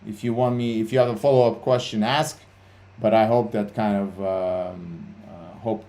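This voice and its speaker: A man with a low, steady, mellow voice speaks at a moderate pace while hosting a trading livestream as its CEO. His talk is casual and blunt, full of swearing, fillers and restarts.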